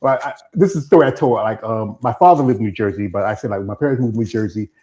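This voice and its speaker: A man's voice: fairly low pitch, quick pace, warm tone, poor audio. A man with a Northern US accent and a slight Southern twang, hosting an interview in a loose, rambling, chatty way. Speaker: interview host. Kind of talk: casual interview chat.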